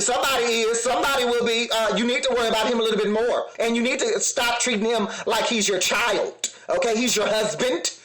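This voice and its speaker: A man's voice: very high voice, brisk, few pauses, fairly bright tone, echoey room. A man giving a sassy, laughing commentary, talking straight to his viewers. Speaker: reality TV reviewer.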